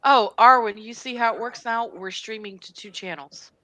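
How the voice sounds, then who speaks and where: A woman's voice: on the high side, normal speed, bright, forceful tone, dry recording, low-quality recording. A woman co-hosting a livestream in casual chat, chatty and giggly. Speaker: livestream co-host.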